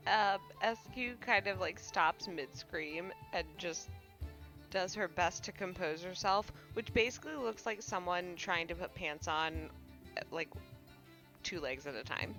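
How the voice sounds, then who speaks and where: A woman playing in a tabletop game, describing her character's actions in an animated way. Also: fairly low pitch, unhurried, soft background music. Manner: animated, swearing, laughing descriptions. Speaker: player. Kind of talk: tabletop role-play.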